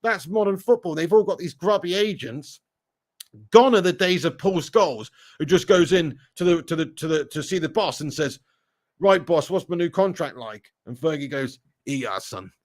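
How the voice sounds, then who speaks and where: Man, high voice, blunt, jokey, laughs a lot, live-stream football chat host. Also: normal speed. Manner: blunt, jokey, laughs often, teasing viewers. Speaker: fan channel host reading live chat.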